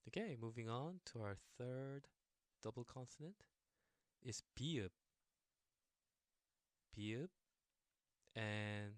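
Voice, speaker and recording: Slow, dry-sounding man teaching a language. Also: medium pitch, clear, resonant tone, no room sound. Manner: explains patiently with examples, fillers and small laughs. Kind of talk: casual language lesson.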